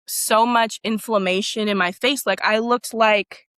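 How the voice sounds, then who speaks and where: A woman's voice: on the high side, fairly even intonation, measured pace, fairly bright tone, smooth, dry recording. A woman in her thirties, a former teacher and coach, telling her story in a candid interview with emphatic, casual talk.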